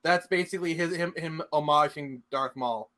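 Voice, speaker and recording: A man's voice: a little high, normal speed, fairly bright tone. A young man co-hosting a casual movie podcast, chatty and full of trivia, laughing easily. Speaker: podcast co-host. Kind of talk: casual movie review chat.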